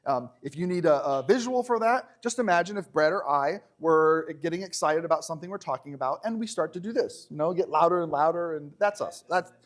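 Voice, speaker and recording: A man preaching a conversational sermon in a church, animated and joking, slowing down when he reads scripture. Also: fairly high pitch.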